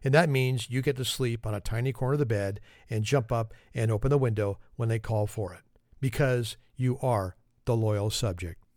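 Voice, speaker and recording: A man's voice: mid-range voice, normal speed, darkish tone, no echo, clean studio sound. Wry man hosting a podcast. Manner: wry, self-deprecating, conversational. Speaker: podcast host. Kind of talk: humorous monologue.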